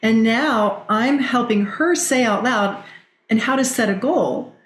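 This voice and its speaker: Woman, middle-aged, animated, storytelling, podcast guest, echoey room. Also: fairly high pitch, unhurried. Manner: animated storyteller, quotes others. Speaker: guest, direct selling leader. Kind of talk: conversational podcast interview. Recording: roomy echo.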